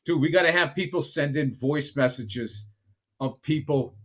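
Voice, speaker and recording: A man in his fifties co-hosts a podcast with a bright, forceful voice that sits a little high. He riffs profanely and loosely, ribbing his friend in a casual comedic chat. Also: moderate pace. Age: 50s. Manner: profane, riffing, mocking impressions. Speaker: podcast co-host.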